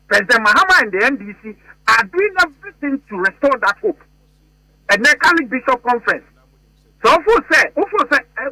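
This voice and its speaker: A man's voice: very high-pitched, sharp tone, poor audio. A Ghanaian man, a politician, talking emphatically in a phone-in radio interview. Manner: emphatic, mixes Twi and English.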